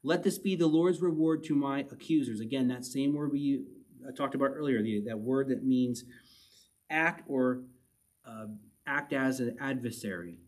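A man teaching verse by verse from the Bible, reading passages aloud and then explaining them in a relaxed, conversational way. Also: medium pitch, moderate pace. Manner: reads scripture then explains it conversationally, with little chuckles.

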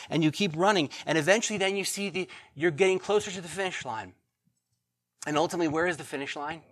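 Middle-aged man, pastor, sermon, animated, loud then hushed. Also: a little high.

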